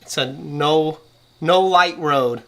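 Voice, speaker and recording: A young man hosting a casual podcast, telling a story with lively acted-out quotes. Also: on the high side, slow. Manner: animated storyteller, acts out quoted voices. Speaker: podcast host.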